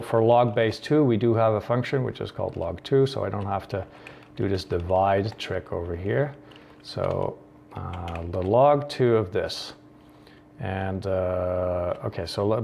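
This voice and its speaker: A man's voice: fairly low pitch, gravelly, darkish tone, a little hiss or hum. A man from the Netherlands hosting a coding tutorial, thinking aloud with many ums and restarts. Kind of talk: screen-recorded coding tutorial.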